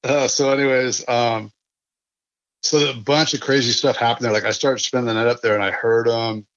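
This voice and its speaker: Guest: easygoing man telling a rambling story, mid pitch, dry muffled call sound. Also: fairly even intonation, moderate pace, fairly bright tone, no room sound. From California. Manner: rambling, laid-back, many restarts and fillers. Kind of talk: casual storytelling.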